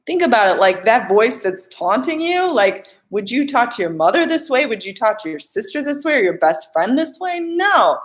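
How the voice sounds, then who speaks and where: A woman's voice: on the high side, big pitch swings, normal speed, hardly any pauses. Chatty woman coach answering live questions. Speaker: life coach. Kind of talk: live-stream Q&A.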